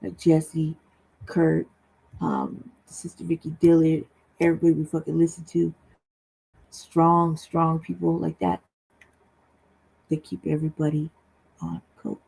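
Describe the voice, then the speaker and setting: Husky, gravelly low-voiced woman, blunt. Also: monotone, unhurried, long pauses, dark tone, rough recording. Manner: blunt and profane, tags lines with "right?". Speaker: panelist on a livestream talk show. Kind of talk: casual heated talk. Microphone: remote streaming call.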